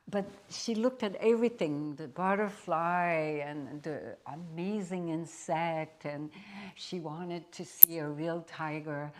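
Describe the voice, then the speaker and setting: Brief: woman teacher, slow unhurried parable telling, lowish voice. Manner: slow, deliberate storyteller. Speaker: spiritual teacher. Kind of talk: storytelling satsang talk.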